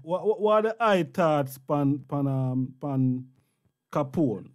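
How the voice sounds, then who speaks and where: A man's voice: a little high, fairly even intonation, takes it slowly. Man giving brief Rasta-styled affirmations. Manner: brief Rasta-styled affirmations, "yes sir", "give thanks". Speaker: interview host. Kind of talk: casual conversational interview.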